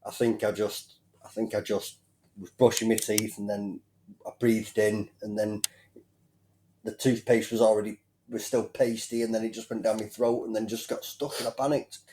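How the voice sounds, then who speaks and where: Low-pitched British man with a mellow tone, hesitant and self-mocking podcast guest. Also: level tone, moderate pace, a little hiss or hum. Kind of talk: casual chat.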